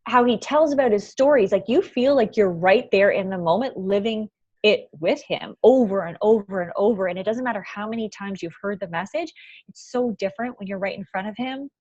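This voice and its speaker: A woman guest in an interview, telling a personal story in a heartfelt, animated way, with frequent laughs and lots of "like" fillers. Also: mid-range voice, a little fast, no echo, dull audio. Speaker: guest, event founder.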